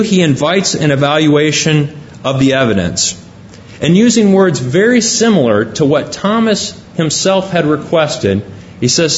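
A man's voice: a little high, highs cut off, a little hiss or hum. A man preaching a sermon, reading scripture aloud and explaining it point by point.

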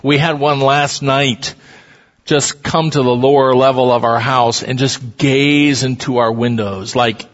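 A man preaching a sermon, telling stories in an animated, emphatic way in a large hall. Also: mid-range voice, measured pace. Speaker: pastor. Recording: dull recording in reverberant hall.

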